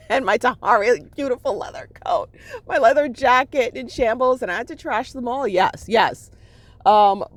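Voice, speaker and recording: A woman's voice: mid-range voice, no echo. A middle-aged woman talking candidly in a rambling vlog, checking in with her listeners as she goes. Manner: emotional, swings between laughter and sadness. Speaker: spiritual vlogger. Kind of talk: casual personal vlog monologue.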